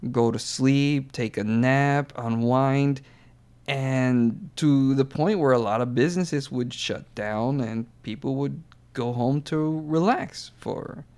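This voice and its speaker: A man's voice: mid-range voice, slow pace, a little mellow, clean tone. A middle-aged American man hosts a casual podcast chat. He rambles through his points with plenty of fillers and laughs at his own lines. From United States. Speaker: podcast host.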